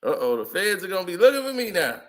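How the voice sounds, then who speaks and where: High bright-voiced man chatting casually. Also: big pitch swings, fast. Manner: chatty, laughs often, loose slangy storytelling. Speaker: vlogger. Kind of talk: casual commentary over old photos.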